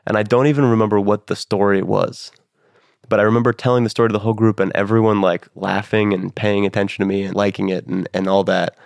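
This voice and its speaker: A young man in his twenties tells stories casually and rambles, with plenty of fillers. His voice is low and gravelly. The recording is close and dry. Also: level tone, fast, a little mellow, dry recording. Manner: rambling, self-deprecating, many fillers. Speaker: guest comedian. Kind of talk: casual interview talk.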